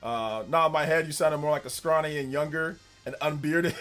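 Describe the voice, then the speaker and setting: Upbeat male streamer with a bright voice. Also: fairly high pitch, fairly even intonation, a little fast, soft background music. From California. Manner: upbeat presentation voice, laughs often, chatty with viewers. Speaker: streamer hosting a live gaming news show. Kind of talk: casual live-stream chat.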